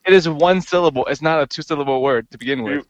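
A man's voice: fairly high pitch, quick pace, no room sound, lo-fi sound. A man co-hosting a podcast, chatting in a wry, jokey way and swearing casually. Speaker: podcast co-host.

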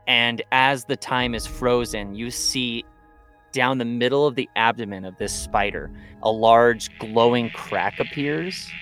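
A man's voice: medium pitch, measured pace, fairly bright tone, soft background music. A man narrating as game master of a tabletop role-playing game, in a casual manner.

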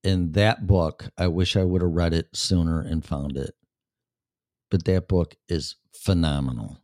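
A man with a very low voice talks straight to his listener as a show host, blunt and full of casual profanity. His voice sits close and dry, with no room sound behind it. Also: steady tone, unhurried, darkish tone, dry recording.

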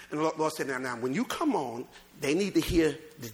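Preacher, male, high bright voice, animated delivery with loud bursts and low asides. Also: a little fast. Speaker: pastor. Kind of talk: sermon.

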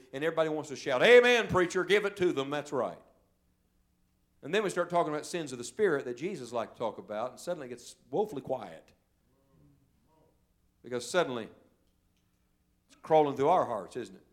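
Male evangelist, somewhat high-pitched, storytelling sermon delivery with big loud-to-soft swings. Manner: storytelling preacher, swells loud then drops to a hush. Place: church service.

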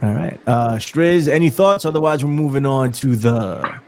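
A man's voice: medium pitch, darkish tone, a little hiss or hum. A man hosting a wrestling podcast, stumbling over his words and repeating himself as he chats. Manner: halting, repeats words, laughs easily. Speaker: podcast host. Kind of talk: casual chat.

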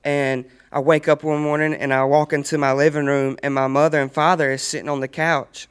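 A man's voice: fairly high pitch, little pitch movement, a little fast, clean tone. A young man telling his personal faith testimony earnestly in a casual chat, often laughing as he speaks. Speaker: guest sharing testimony.

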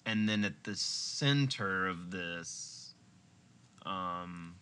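Bright-voiced rambling gamer guy. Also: low voice, very slow, clean tone. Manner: rambling, excitable, laughing. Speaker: let's play co-host. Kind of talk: casual gameplay chat.

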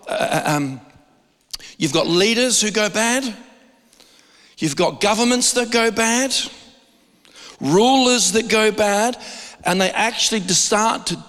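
A man with a high voice preaches a sermon in a conversational way, often tripping over and repeating his words and drawing out the key phrases. His voice rings in a hall with a long reverb. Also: fairly bright tone.

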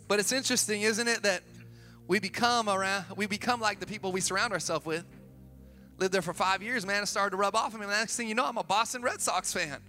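A pastor from Sacramento preaching a sermon, energetic, building to emphatic peaks with casual asides, in a church auditorium. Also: male voice, high voice. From Sacramento, California. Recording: long hall reverb with faint music.

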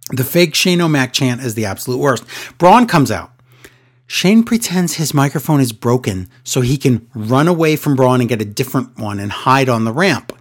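A man co-hosting a casual wrestling recap, sarcastic and exasperated, often mimicking wrestlers in a raised voice. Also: medium pitch. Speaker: wrestling podcast co-host.

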